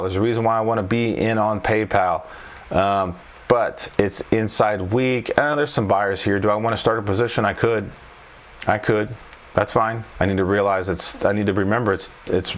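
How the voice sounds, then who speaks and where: Man, low voice, trading coach, loose chart walkthrough, keeps checking in with viewers. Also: fairly even intonation, moderate pace. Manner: thinks aloud, repeats tag questions.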